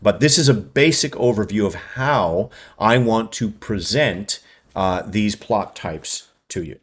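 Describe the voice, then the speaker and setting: Man, low voice, explanatory lecture, talks fast, keeps asking "right?". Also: a bit bright, breathy edge. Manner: fast, tags points with "right?". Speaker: writing channel host.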